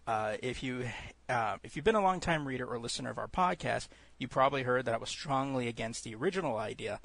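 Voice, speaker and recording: Man, podcast co-host, gravelly, casual chat, loud joking impressions. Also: mid-range voice, expressive, quick pace, no echo. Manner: laughs often, does loud mocking impressions.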